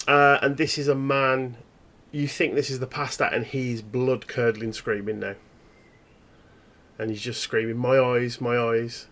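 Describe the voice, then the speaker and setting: A man running a tabletop horror game as its game master. He tells the scene in halting, descriptive storytelling, with a gravelly rasp in his voice at a middling pitch. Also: level tone, fairly bright tone.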